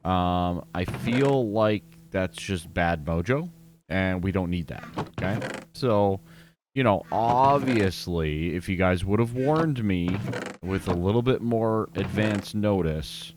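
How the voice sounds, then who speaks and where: A low-pitched man narrates his own gameplay in a relaxed, unhurried way, his pitch leaping up and down as he talks. He is chatty and pokes fun at himself while speaking straight to his viewers, with faint music under his voice. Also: noisy background. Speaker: gaming video host. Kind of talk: casual gameplay commentary.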